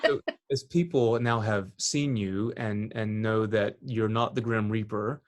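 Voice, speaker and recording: A man, a priest, interviewing a guest in a casual chat, often halting and restarting his sentences. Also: lowish voice, steady tone, no room sound.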